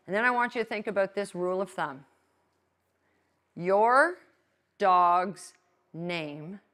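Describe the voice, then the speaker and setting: A woman with a slightly high voice leads a dog training class. She talks in an upbeat way and keeps checking in with her listeners. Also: pushed and bright. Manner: upbeat, checks in with frequent "okay?". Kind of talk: live class instruction.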